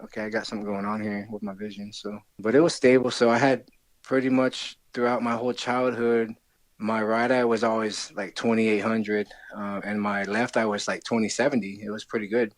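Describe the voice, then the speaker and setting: Fast-talking low-voiced man. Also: no room sound. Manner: friendly, rambling with restarts. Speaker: guest, scholarship winner. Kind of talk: casual interview.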